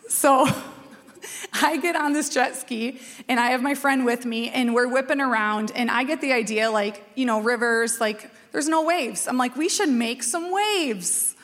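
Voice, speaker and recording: Woman pastor in her forties, from minnesota, storytelling sermon, slightly high voice, long church-hall reverb. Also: moderate pace. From Minnesota, USA. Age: 40s. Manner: lively, chatty, self-mocking, often checks in with "okay?". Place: church sanctuary.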